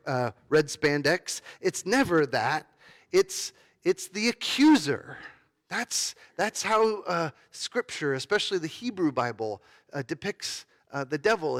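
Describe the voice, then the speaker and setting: Guy pastor preaching, chatty with lots of uhs, kinda high voice. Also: a bit bright. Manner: conversational, with hesitant fillers and restarts. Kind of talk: sermon.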